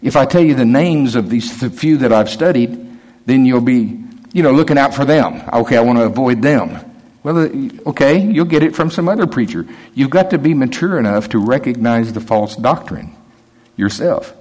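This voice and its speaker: A male preacher giving a sermon, talking in a conversational, emphatic way and dropping his voice low when he quotes. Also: lively intonation, moderate pace, a little mellow.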